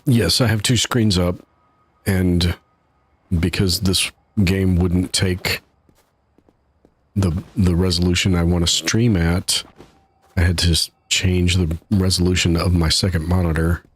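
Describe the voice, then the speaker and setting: A man's voice: low-pitched, flat delivery, a little slow, husky. A man casually commenting while he streams a game live, chatty and laughing at his own troubles from his home setup. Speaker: gaming streamer.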